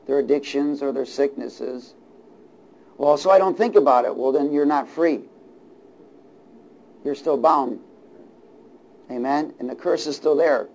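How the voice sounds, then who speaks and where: A man's voice: fairly high pitch, low-quality recording. Man preaching with call-and-response asides. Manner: chuckles between points, shifts from hushed to loud. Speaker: pastor. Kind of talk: sermon.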